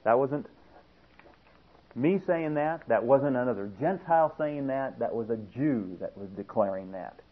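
Male radio preacher, emphatic, mid-pitched voice, loud stresses then hushed asides, thin phone-like broadcast sound. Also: expressive, unhurried. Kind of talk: radio sermon.

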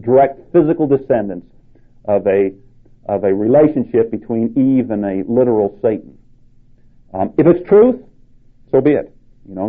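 A man preaching a sermon in an earnest, measured way, often restarting his phrases. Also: mid-range voice. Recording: tinny phone-like sound.

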